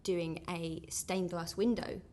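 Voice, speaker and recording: A woman's voice: on the low side, fairly even intonation, slow pace, a little mellow, a little hiss or hum. Chatty woman from Essex in her thirties. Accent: Essex English. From England. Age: 30s. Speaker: guest, international student. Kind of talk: casual interview chat.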